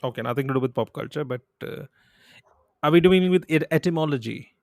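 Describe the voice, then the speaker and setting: Male podcast co-host, slightly higher voice, playful guessing, dry close mic. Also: brisk, a little mellow, no room sound. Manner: playful, thinks aloud. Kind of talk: casual quiz chat.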